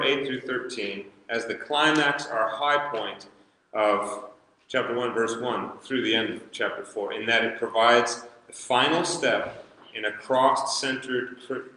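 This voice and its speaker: A man's voice: medium pitch, steady tone, a little slow, pushed and bright, slight background noise. Man teaching in a very echoey hall. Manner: conversational, reads scripture aloud, chuckles now and then. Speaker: Bible study teacher. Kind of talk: verse-by-verse Bible teaching. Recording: very echoey hall with long reverb.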